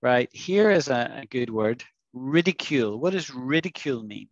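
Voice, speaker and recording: A man teaching an English vocabulary lesson in an online class, patiently coaxing students and modelling pronunciation slowly. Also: medium pitch, expressive, no room sound, dull audio. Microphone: video call.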